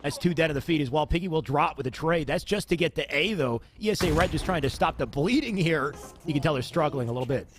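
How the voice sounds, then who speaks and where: Fast play-by-play man, slightly high voice. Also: slight background noise. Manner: quick, energetic calling of the action. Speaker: esports play-by-play commentator. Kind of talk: live esports play-by-play.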